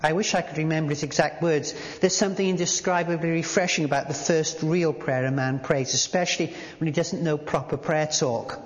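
A man preaching a sermon in a church, halting at times with fillers and restarts, and reading aloud from a book. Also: fairly high pitch, steady tone. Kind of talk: sermon with a read-aloud story. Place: church hall. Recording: dull sound in a large reverberant hall.

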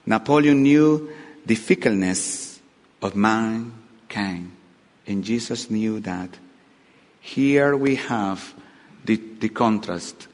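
Dramatic preacher in a reverberant hall. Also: male voice, lowish voice, slow pace, long pauses, darkish tone. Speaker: pastor. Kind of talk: sermon. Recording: long reverb of a large hall.

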